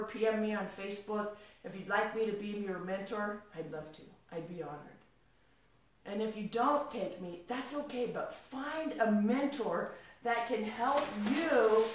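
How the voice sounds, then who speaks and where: A woman telling a motivational story as a mentor, animated, moving between hushed and excited. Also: a little high, distant mic. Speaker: mentor and speaker. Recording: very echoey room, from off-mic.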